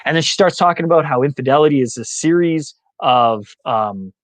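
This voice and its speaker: Man, podcast guest, animated storyteller, slightly high voice, dead dry sound. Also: brisk, no echo. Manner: animated storyteller who acts out quoted voices. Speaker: guest speaker and actor.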